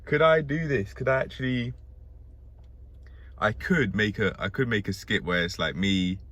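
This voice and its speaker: A man's voice: lowish voice, moderate pace, fairly bright tone, no room sound. A man vlogging from inside a car, rambling aloud to himself in a musing, profane, joking way. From Britain. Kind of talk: rambling self-talk monologue.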